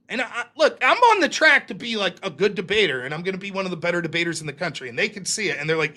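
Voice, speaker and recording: Swearing stream host guy telling old stories, voice jumps all over, kinda bright and sharp. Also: high-pitched, normal speed. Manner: profane, animated storyteller acting out quoted voices. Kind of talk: live-stream storytelling monologue.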